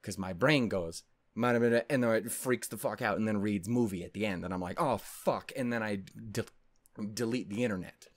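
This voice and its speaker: A man's voice: fairly low pitch, a little fast, no room sound. A man telling a story to his video audience in a rambling, casual way. He interrupts himself often and swears a lot. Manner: rambling, self-interrupting, swears a lot, keeps saying "anyway, point is". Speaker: anime video creator.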